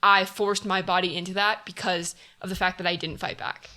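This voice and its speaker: A woman's voice: fairly low pitch, level tone, fairly quick, pushed and bright. Chatty young woman podcast host. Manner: chatty, apologetic interjections. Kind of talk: casual chat.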